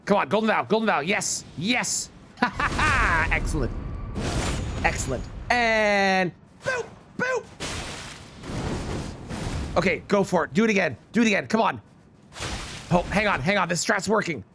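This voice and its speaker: Brief: wildly animated game streamer, loud outbursts, curses, music playing behind. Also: medium pitch, moderate pace. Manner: excitable, yelling, swearing, laughing; pleads with teammates by name. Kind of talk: live gameplay commentary.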